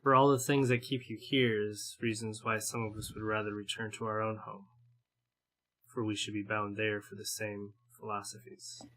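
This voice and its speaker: A male player speaking in character with formal, earnest phrasing. His low voice is bright and keen but stays flat in pitch. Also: normal speed, rough recording. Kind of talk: in-character role-play.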